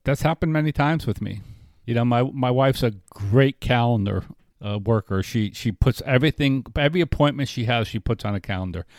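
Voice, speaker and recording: A man's voice: medium pitch, a little fast, a little mellow, no echo. Man telling a rambling story, dry sound. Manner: rambling, frequent restarts and filler. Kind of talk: casual storytelling chat.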